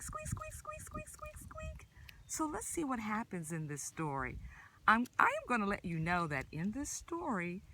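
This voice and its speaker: A children's librarian reading a picture book aloud at story time, in an animated, exaggerated sing-song way and asking the kids questions. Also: female voice, fairly low pitch, noisy background.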